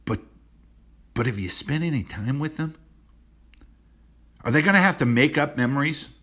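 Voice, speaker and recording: A man hosting a motivational rant to camera, blunt and preachy, repeating himself, dropping low and quiet on personal points. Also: lively intonation, normal speed. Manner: blunt and preachy, repeats phrases, many restarts. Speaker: host.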